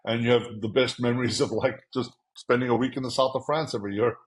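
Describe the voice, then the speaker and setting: Speaking fast in a medium pitch, this South African agency founder narrates his career in a casual interview. The rough recording carries a little hiss or hum. He's lively throughout, acting out dialogue with quotes from himself and other people.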